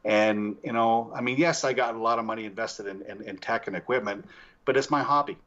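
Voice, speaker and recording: A man's voice: fairly low pitch, fairly quick, muffled recording, a little hiss or hum. A middle-aged man, a paranormal investigator, telling stories in casual chat and acting out the people in them. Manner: animated anecdotes with acted quotes, laughs often. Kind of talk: casual storytelling.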